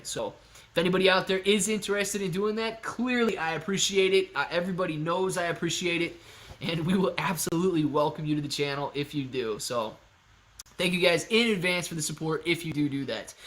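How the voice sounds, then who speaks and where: A man hosting a live stream, chatting casually and excitably with his viewers and thinking out loud. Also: a little high, a little fast. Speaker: livestream host answering chat.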